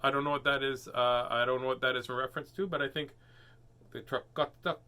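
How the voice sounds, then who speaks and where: A man's voice: mid-range voice, steady tone, fairly quick. A man hosting a casual livestream before reading children's books, joking, chatting with viewers and laughing often. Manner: playful, jokey, sings silly warm-ups and laughs often.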